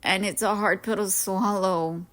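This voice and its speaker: A woman's fairly bright, mid-range voice moves a little slowly with fairly even intonation. The podcast host, in her thirties, gives reflective solo talk about self-growth, earnest and emotional as she encourages her listeners.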